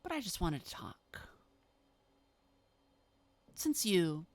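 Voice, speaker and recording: A woman voicing a cryptic, coaxing female vampire who talks in a soft, half-whispered, drawn-out way. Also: on the low side, sing-song, full character voice.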